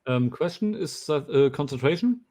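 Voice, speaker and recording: Halting man at a game table. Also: fairly high pitch, expressive, mellow, faint music behind. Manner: halting, with frequent fillers. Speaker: player. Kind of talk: casual tabletop game chat. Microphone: video call.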